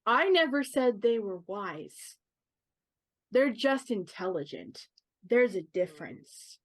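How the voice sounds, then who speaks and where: A woman playing a tabletop game character, talking haltingly and searching for words with many fillers. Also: a little high, very animated, no echo. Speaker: player. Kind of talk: in-character tabletop role-play.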